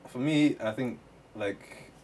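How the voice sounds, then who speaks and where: A man's voice: mid-range voice, slow pace, darkish tone. A man hosting a casual book podcast, talking loosely with restarts and fillers. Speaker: podcast host. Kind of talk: casual chat. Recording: distant mic with faint noise.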